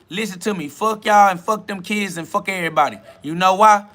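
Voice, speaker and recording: High, bright-voiced man preaching in slang. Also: moderate pace, few pauses. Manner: emphatic, profane, repetitive preaching cadence. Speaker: self-styled spiritual podcast host. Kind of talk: improvised street-slang sermon. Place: outdoors beside a road with passing cars.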